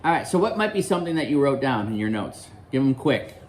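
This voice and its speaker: A man's voice: medium pitch, big pitch swings, quick pace, a little hiss or hum. A male teacher reading a novel aloud to his class, quizzing students and explaining the story in a classroom.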